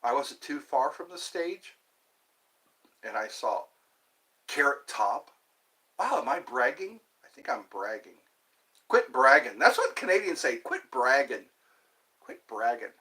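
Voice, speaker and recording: Male, 50s, solo stream host, slow meandering talker, sing-song animated delivery. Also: medium pitch. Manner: rambling, talks to himself, jumps between topics. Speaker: livestream host. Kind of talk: rambling solo livestream chat.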